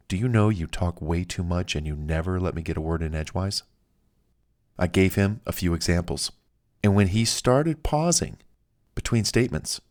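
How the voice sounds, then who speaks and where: A man narrating a self-help audiobook in a casual, anecdotal way, with fillers and the odd chuckle. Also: deep voice.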